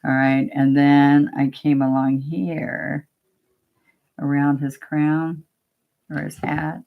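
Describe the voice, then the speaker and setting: A painting instructor runs a demo step by step, chatting casually, gently coaxing, and talking to herself as she works. Her voice sits low and is creaky and narrow, with a level tone and slow pace. The audio sounds tinny.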